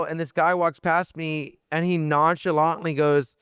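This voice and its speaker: Smooth-voiced young man telling a story. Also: a little high, unhurried, hardly any pauses, no room sound, clean studio sound. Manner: animated, lots of fillers and restarts, swears freely. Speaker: podcast guest. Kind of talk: casual storytelling.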